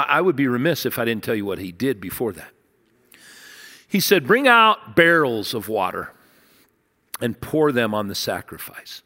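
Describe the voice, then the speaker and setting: Animated preacher in a reverberant hall. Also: male voice, medium pitch. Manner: animated storytelling, voices characters, drops to hushed intensity. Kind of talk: sermon. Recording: long reverb of a large hall.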